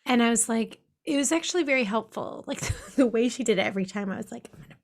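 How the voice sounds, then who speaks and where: A woman's voice: fairly high pitch, expressive, fast talker. Reflective woman podcast co-host. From Pacific Northwest of the US. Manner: reflective, anecdotal, laughs often. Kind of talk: casual conversation.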